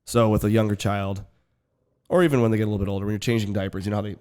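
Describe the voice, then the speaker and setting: A man co-hosting a casual podcast, relaxed and quick to agree with the others. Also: on the low side, smooth. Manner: easygoing, chimes in to agree. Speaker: podcast co-host. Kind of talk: casual chat.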